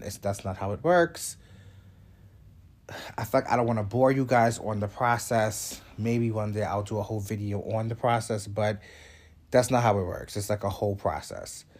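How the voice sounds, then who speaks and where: Congested man chatting casually, low voice. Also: darkish tone. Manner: rambling, chatty, with many fillers and asides. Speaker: show host. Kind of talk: casual vlog update.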